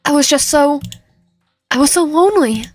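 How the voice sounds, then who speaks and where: A woman voicing a lonely, broken young man in a game, halting and pleading. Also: very high voice, lively intonation, voice pushed up. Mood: desperate.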